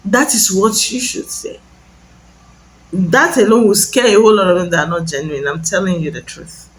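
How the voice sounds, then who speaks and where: A woman's voice: mid-range voice, moderate pace, rough recording. A woman giving emphatic advice in a casual monologue, warning listeners and repeating phrases. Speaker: social media commentator.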